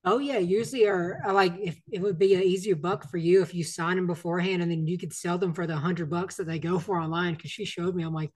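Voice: mid-range voice, steady tone, fast talker, hardly any pauses, darkish tone. A podcast host asks questions in casual interview chat, often restarting sentences.

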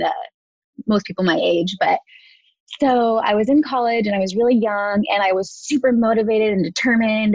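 A woman's voice: mid-range voice, no echo. A woman in her thirties, a makeup artist being interviewed, telling her story in a chatty way, full of "like" and "you know", acting out what people said. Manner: chatty, lots of "like" and "you know", acts out quotes. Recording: dry, slightly dull audio.

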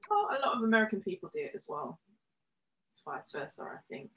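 A woman's voice: on the high side, huge pitch swings, quick pace, creaky, fairly bright tone, slight background noise, rough recording. A woman with an English accent hosting a casual podcast, talking in an easygoing way with hesitant fillers. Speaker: podcast host.

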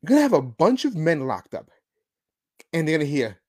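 A podcast host talking solo with a lively, swooping pitch. The delivery is sarcastic and mocking, punctuated by emphatic bursts of stress. It sounds like an unscripted monologue of opinionated commentary. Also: fairly quick, pauses often. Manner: sarcastic, mocking, chuckling asides.

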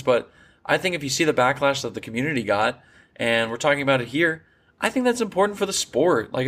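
A man's voice: mid-range voice, a bit bright. A young man hosting a solo sports podcast, giving opinionated commentary in a rambling, casual way with many fillers and restarts. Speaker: podcast host.

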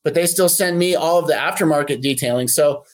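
A man's voice: a little high, fairly quick. A man who runs a boat detailing shop, speaking in a casual podcast interview in a friendly, practical way with plenty of fillers.

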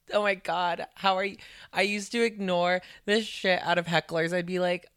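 A woman co-hosting a podcast, a stand-up comedian chatting casually and telling animated stories. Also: on the low side, unhurried, clear, resonant tone, no room sound, clean studio sound. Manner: chatty, animated storytelling with voiced asides. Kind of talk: casual chat.

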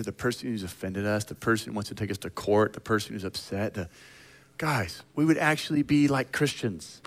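A middle-aged man from the United States preaching a sermon in an animated, conversational way, acting out little scenes. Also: medium pitch. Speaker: pastor.

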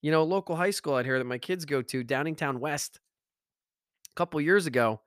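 Energetic middle-aged male podcast host, motivational monologue, emphatic, very dry recording. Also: fairly high pitch, brisk, dry recording. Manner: energetic, emphatic, repeats phrases for effect.

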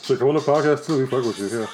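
Young guy from dc hosting a podcast, talks quick, easy laughs. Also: medium pitch, music in the background. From Washington, D.C. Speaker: podcast host. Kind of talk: casual chat.

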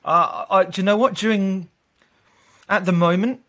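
A recruiter telling workplace stories in a relaxed interview, his voice sitting a bit high for a man. He talks in animated bursts, laughs often and restarts his sentences. It sounds like casual, unscripted conversation. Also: moderate pace.

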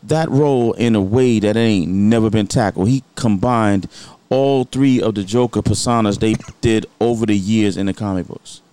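A man co-hosting a casual podcast chat, slangy and animated, often cutting in. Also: on the low side, smooth, no echo. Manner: animated, slangy, quick to interrupt. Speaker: podcast co-host.

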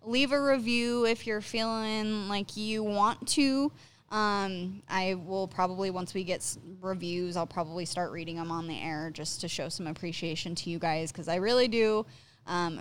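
A woman's voice: mid-range voice, steady tone, moderate pace, a bit bright, smooth. A young woman hosting a podcast, talking casually with lots of fillers and swearing freely. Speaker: podcast host. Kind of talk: casual chat.

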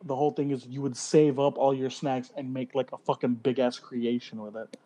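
Husky slang-heavy man telling stories. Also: mid-range voice, a little fast. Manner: animated storyteller, swears a lot, slangy. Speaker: podcast co-host. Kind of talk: casual chat.

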